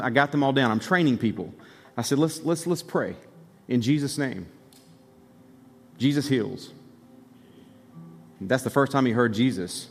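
A male pastor preaching a sermon, telling a story and building to excited exhortation. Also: medium pitch, long reverb tail.

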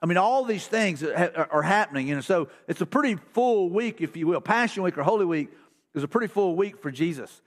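A man's voice: high voice, animated, fairly quick. A man preaching a casual, conversational sermon as pastor in a church, with folksy repetitions and restarts. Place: church sanctuary.

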